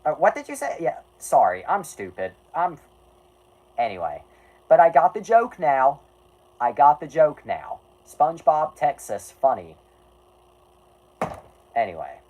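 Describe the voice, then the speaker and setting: Lively, joking stream host. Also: mid-range voice, takes it slowly, long pauses, breathy edge, low-quality recording. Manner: jokey, sarcastic asides, self-deprecating; often breaks off mid-sentence, restarts with "anyway". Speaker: streamer reading an article aloud to chat. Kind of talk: casual stream chat and read-aloud.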